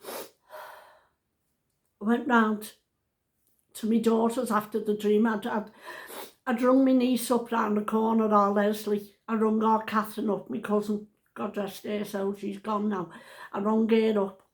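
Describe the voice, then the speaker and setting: In a roomy-sounding space, a woman in her seventies speaks at a normal speed with a medium, darkish, level voice. Talking casually to the camera at home, she rambles through a family story and keeps interrupting herself.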